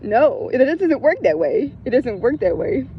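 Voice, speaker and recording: A woman's voice: on the high side, big pitch swings, normal speed, muffled recording, a little hiss or hum. A woman in a casual spiritual talk, blunt and emphatic, who swears, repeats her points and keeps breaking into laughter. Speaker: spiritual content creator.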